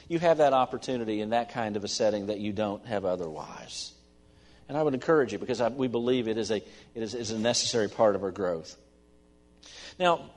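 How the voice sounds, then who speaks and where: A middle-aged man preaching a sermon as pastor, earnest, swinging between emphatic stresses and soft asides. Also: on the high side. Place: church sanctuary. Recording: long church-hall reverb.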